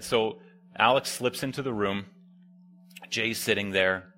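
Bright-voiced man preaching conversationally. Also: fairly low pitch, steady tone, moderate pace, pauses often. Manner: conversational, drops to quiet near-whispers for quoted lines. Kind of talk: sermon with storytelling.

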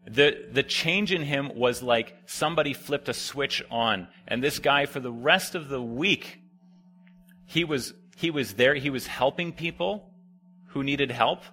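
A young man giving a sermon, telling a camp story in a conversational way and dropping quiet when he quotes people. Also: mid-range voice, a little slow. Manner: conversational, drops to quiet near-whispers for quoted lines. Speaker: preacher.

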